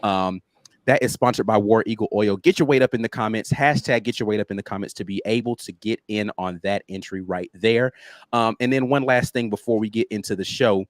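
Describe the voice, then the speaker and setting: A raspy man, hoarse from being sick, co-hosting a sports show with energetic promotional talk. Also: fairly low pitch, a little fast, no echo. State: hoarse from illness. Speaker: co-host. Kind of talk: casual sports chat.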